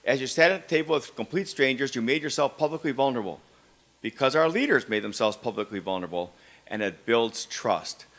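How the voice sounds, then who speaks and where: A man's voice: mid-range voice, animated, a little fast, fairly bright tone. An older man giving a storytelling speech at a gathering, acting out the people in his tale. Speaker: event speaker.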